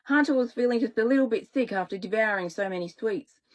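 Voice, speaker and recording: A woman and children's author reading her own story aloud in a relaxed way, now and then correcting herself. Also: on the high side, quick pace, poor audio.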